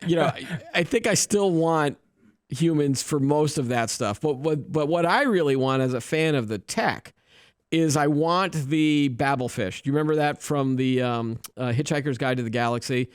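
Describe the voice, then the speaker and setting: A man with a smooth, resonant voice hosts a tech news show. He talks in a loose, joking way, restarting his sentences as he goes. The sound is close and dry, with no room echo. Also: a little high, normal speed. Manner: chatty and joking, with many restarts. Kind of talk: casual tech news chat.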